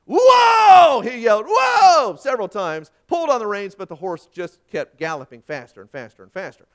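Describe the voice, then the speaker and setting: A pastor with a high-pitched voice delivers a sermon at a fairly quick clip. He tells anecdotes with animation, performing the voices of the people he quotes.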